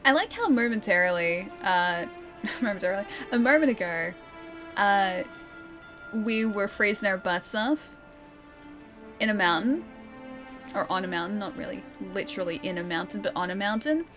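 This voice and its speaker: A woman's voice: mid-range voice, expressive, normal speed, long pauses, a bit bright, soft background music. A young woman streaming a game, chatting casually and giggling as she thinks aloud. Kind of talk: casual gameplay commentary.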